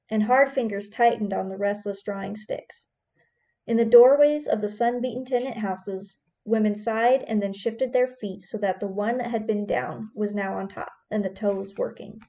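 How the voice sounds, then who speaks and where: A woman narrating an audiobook in a measured, descriptive manner. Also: mid-range voice, mellow.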